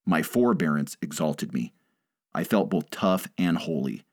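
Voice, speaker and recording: A man reading a first-person story aloud in a measured, dramatic way. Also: extremely low pitch, expressive, no echo. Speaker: narrator.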